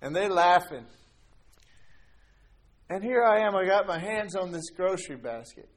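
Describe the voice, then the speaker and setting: A man's voice: high-pitched, unhurried. A middle-aged man telling a personal faith story in a casual way, laughing often as he goes. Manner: animated storyteller who laughs as he tells it. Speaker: guest telling a faith testimony. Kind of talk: casual spoken testimony.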